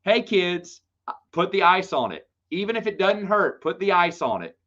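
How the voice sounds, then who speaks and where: Animated man telling stories on a stream. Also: sits high, a little fast. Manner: animated storytelling, lively and playful. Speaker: host of live Q&A stream. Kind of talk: casual livestream chat. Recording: dull lo-fi stream audio.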